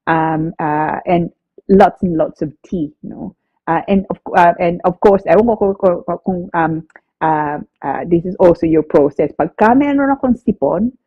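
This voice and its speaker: Congested woman co-host, chatty and hesitant, lower voice, dry tinny call audio. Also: breathy edge, dry recording. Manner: chatty, frequent tag questions and hesitations. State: stuffy nose from a cold. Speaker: immigration lawyer co-hosting a live show. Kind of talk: casual live chat reading viewer messages. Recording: dry, tinny phone-like line.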